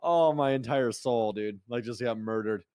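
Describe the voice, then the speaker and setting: A man's voice: medium pitch, normal speed, darkish tone, clear, resonant tone, no echo, clean studio sound. A young man co-hosting an esports podcast, telling stories and ranting heatedly with constant swearing. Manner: heated and profane, storytelling with laughs. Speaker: podcast co-host and streamer. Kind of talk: casual chat.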